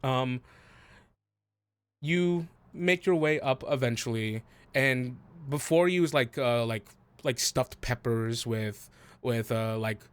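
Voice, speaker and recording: A man's voice: mid-range voice, slow pace, clear, resonant tone, no echo. A man narrating a tabletop role-playing game as game master, rambling and hesitant with many fillers.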